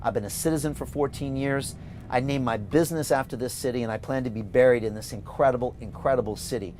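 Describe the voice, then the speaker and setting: A middle-aged American man from California hosting a livestream, reading out viewer comments and making an emphatic, rallying campaign pitch. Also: quick pace, slight background noise. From California, USA. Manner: energetic, emphatic, repetitive rallying. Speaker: host and mayoral candidate.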